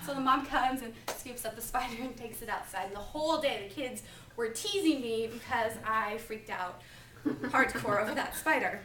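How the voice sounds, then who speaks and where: Bright-voiced young woman preaching in a classroom. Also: on the high side, moderate pace. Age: 20s. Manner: chatty, animated, filler-heavy with lots of "like". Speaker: preaching student. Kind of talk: topical sermon with personal storytelling. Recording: echoey classroom, mic far off.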